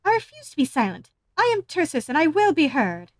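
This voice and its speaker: A woman's voice: fairly high pitch, big pitch swings, moderate pace, no room sound. A woman voicing a timid young woman in a game, hesitant and stammering. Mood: defiant. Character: shy young woman, timid and soft-spoken.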